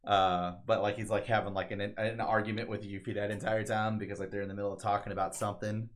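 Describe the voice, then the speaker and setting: Very deep-voiced man, casual chat. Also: level tone, quick pace. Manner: enthusiastic, profane, acts out quotes loudly. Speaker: co-host explaining the story.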